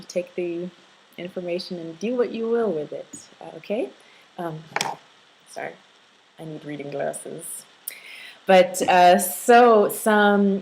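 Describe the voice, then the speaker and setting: A woman's voice: fairly low pitch, a little mellow, husky, low-quality recording. A middle-aged woman giving accent tips in a casual video reply, hesitant with many ums and uhs, patiently explaining.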